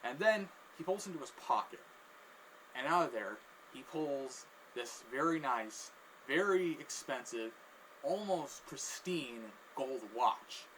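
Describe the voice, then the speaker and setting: A man tells a casual story with a bright, forceful voice, taking his time and pausing often. He rambles, restarts his sentences and keeps circling back. Faint background noise sits under him. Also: medium pitch, expressive, low-quality recording. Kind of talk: casual anecdote.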